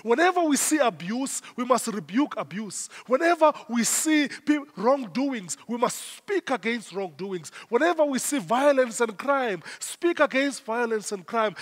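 A man's voice: extremely high pitch, expressive, a little slow, hardly any pauses. A South African man preaching a sermon as pastor, emphatic and repeating his phrases in rising waves. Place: church. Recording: long church hall reverb.

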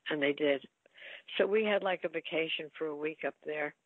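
A woman's voice: low-pitched, normal speed, dry recording. An older actress, telling chatty stories about her film career in an interview. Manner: chatty storyteller, lively quoted asides. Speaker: actress guest. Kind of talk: reminiscing interview. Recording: tinny phone-like line.

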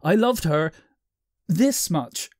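A man reading a novel aloud as an amateur reader, animated, with deadpan grumbled asides. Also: fairly high pitch, takes it slowly, no room sound, studio quality.

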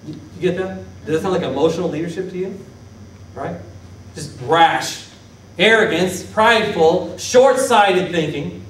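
A man preaching as pastor, lively, questioning his congregation and acting out Bible figures. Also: high voice, measured pace, a little hiss or hum. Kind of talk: sermon. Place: church sanctuary. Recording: echoey church hall from a distance.

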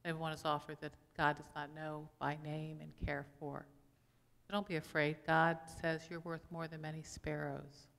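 A woman's voice: low-pitched, level tone, moderate pace, vocal fry, a bit bright. A woman pastor giving a conversational sermon, asking the congregation questions as she goes. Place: church sanctuary. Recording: long church reverb.

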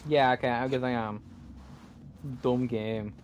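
A man's voice: medium pitch, steady tone, measured pace, pauses often, faint music behind. A young man giving let's play commentary, frustrated and swearing at the game as he plays. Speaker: gaming channel host.

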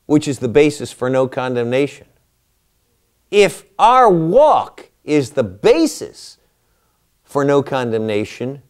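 Lively, slow-paced male Bible teacher. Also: a little high. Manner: animated, rhetorical questions to listeners.

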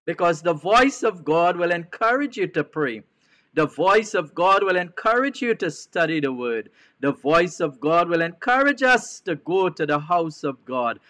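A Trinidadian man preaches a televised sermon in a high, unhurried voice. He repeats his key phrases as a bishop would and turns to his listeners with questions. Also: very animated, a bit bright.

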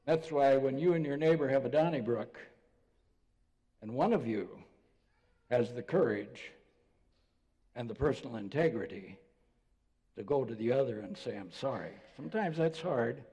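Older pastor preaching in reverberant church. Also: male voice, medium pitch, expressive, normal speed, long pauses, slightly rough. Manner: conversational storytelling preacher, drops to soft voice for quotes. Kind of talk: sermon. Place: church sanctuary.

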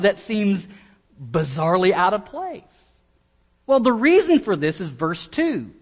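An American man preaching an expository sermon as pastor, animated and often repeating words as he starts a phrase. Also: high-pitched. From United States.

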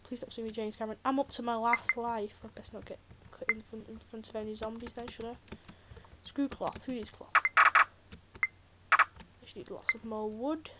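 A British teenage girl chats loosely over her gameplay for a Let's Play, using a fairly high voice with a steady tone at a moderate pace. She cracks jokes and drifts off on rambling tangents in casual game commentary. Her words sit over loud, constant keyboard clicks and typing picked up by a computer microphone.

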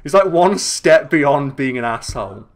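A man giving excitable, sweary, joking commentary while playing a video game. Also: on the high side, measured pace. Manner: excitable, sweary, jokey asides. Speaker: gaming channel host. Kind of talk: let's play commentary.

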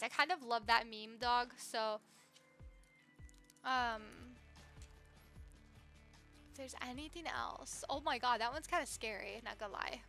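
A young woman live-streaming a game, gushing excitedly and chatting with viewers. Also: a little high. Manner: excitable, gushing, talks to chat.

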